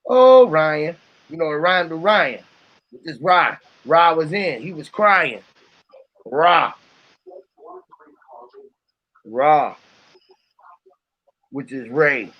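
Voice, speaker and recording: A man's voice: fairly high pitch, takes it slowly, long pauses, breathy edge. Profane, rambling man on a lo-fi recording. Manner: profane, musing, freewheeling. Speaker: vlogger. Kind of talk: casual rambling talk to camera.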